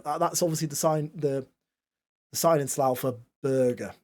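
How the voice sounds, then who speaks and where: A man's voice: fairly high pitch, lively intonation, fairly quick, gravelly, a little mellow. A man giving playful, self-mocking commentary on a football management game, switching between mock-commentator play-by-play and wry asides. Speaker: gaming YouTuber.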